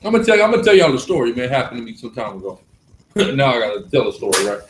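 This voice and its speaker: A man leading a live religious class, preaching forcefully and repeating points for emphasis. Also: mid-range voice, expressive, quick pace, reverberant, background noise.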